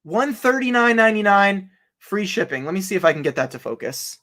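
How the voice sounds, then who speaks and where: A young man, an online reseller, chatting casually and excitably to his live-stream viewers, laughing often and talking straight to them. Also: high-pitched, fairly quick. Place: home office.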